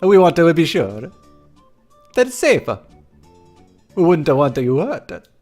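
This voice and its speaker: Guy doing squabbling circus acrobat brothers from a game, cheesy fake italian accent, high and swoopy, showman hype. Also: big pitch swings, takes it slowly, a little mellow, faint music behind. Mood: cheerful. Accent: put-on Italian. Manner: showman patter, hammy and quarrelsome. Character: two bickering male circus acrobat brothers, showy. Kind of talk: reading game dialogue aloud in character.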